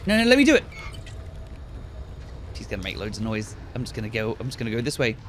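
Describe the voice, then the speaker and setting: A man giving excited commentary on a horror game while playing, swearing often and switching between low mutters and sudden yells. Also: fast talker, a little hiss or hum. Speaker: gaming video creator. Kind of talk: gameplay commentary. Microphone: gaming headset.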